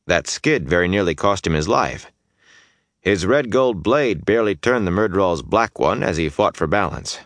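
A man with a deep, low voice reads a fantasy audiobook, his pitch rising and falling with lively drama. His delivery is intense and builds through the action, recorded close and dry with no room sound. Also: moderate pace, no room sound. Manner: intense, dynamic storytelling that swells in battle scenes. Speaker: audiobook narrator.

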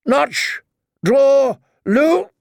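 A man's voice: very high voice, lively intonation, moderate pace, creaky, dry recording, clean studio sound, pitched above the performer's own voice, heavily acted. A man voicing a proud older knight captain who calls out commands in a raised voice. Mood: commanding.

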